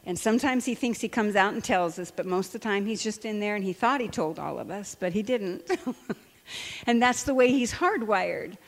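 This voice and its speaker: An older woman sharing personal stories in a sermon, animated and quick to laugh. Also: mid-range voice, in a large hall. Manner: animated storytelling, laughs often. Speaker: Christian speaker and counselor.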